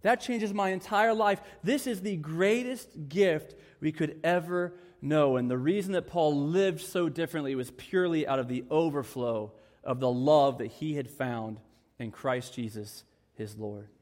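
A man preaching a sermon with earnest conviction, often dropping into soft, hushed tones to stress a point. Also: fairly high pitch, measured pace, in a large hall. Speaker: pastor.

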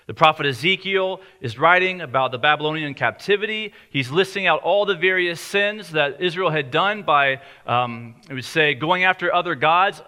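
A man preaching a sermon, his voice fairly high and bright. He talks in a conversational way and slows down to stress key lines. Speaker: pastor.

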